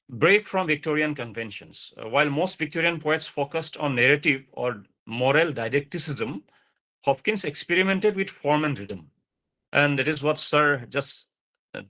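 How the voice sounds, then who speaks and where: A man lecturing over a video call, explaining slowly with many fillers and repeated points. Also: mid-range voice, bright, forceful tone.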